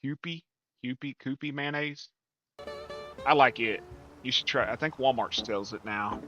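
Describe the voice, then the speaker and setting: Man, gaming livestream, casual chat, rambling, profane, folksy, bright voice, faint guitar music behind. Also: mid-range voice, moderate pace, muffled recording.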